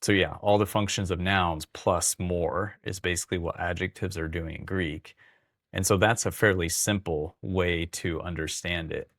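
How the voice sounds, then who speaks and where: A man with a low, level voice explains Greek words in a relaxed, thinking-aloud way, full of fillers and restarts. The sound is dry and close. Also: moderate pace, dry recording. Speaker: Greek teacher. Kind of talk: casual teaching monologue.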